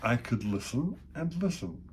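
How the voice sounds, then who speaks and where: A man's voice: medium pitch, big pitch swings, a little slow, darkish tone, slight background noise, pitched above the performer's own voice. A man voicing an eager, encouraging male friend in a children's story. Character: cheerful male companion, bossy and admiring.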